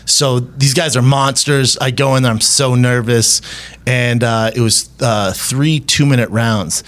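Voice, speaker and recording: A man in his thirties appears as a podcast guest, casually telling stories from his past at an easy, measured pace. His ordinary mid-pitched voice is a bit bright with fairly even intonation, and he laughs often and imitates people whenever he quotes them.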